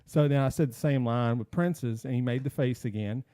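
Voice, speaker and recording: A man with a dark, mellow voice tells a story on a podcast in a casual way. He acts out each line people said to him. His voice is recorded dry and close. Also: medium pitch, moderate pace, clean tone, no room sound. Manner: animated storyteller acting out quotes. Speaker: podcast host.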